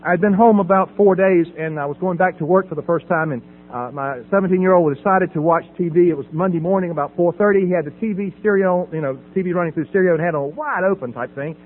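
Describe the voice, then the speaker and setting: A man's voice: sits high, quick pace, few pauses. A middle-aged man sharing his recovery story from a podium, telling it with humor and acting out the voices in dialogue. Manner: storytelling, acts out voices in dialogue, laughs at himself. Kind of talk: personal testimony from a podium. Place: meeting hall at a podium. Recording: tinny phone-like sound with mains hum.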